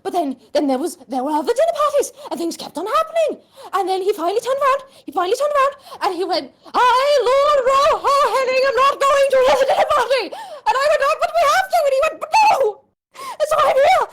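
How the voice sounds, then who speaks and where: A frantic, shrill noble chicken lady. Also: big pitch swings, a bit bright, full character voice. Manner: shrill, rushed, stammering. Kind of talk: tabletop role-play voicing.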